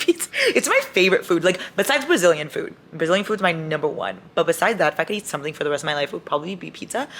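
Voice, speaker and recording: A young woman vlogging about her reading, chatty and animated, swearing freely as she rants. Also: low voice. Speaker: book vlogger. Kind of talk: casual reading vlog chat.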